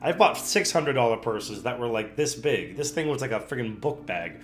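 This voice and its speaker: A young man streaming from home, casually telling a story and acting out the other people's voices with big pitch jumps. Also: moderate pace. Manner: animated, acts out quotes with pitch jumps. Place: home room. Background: soft background music.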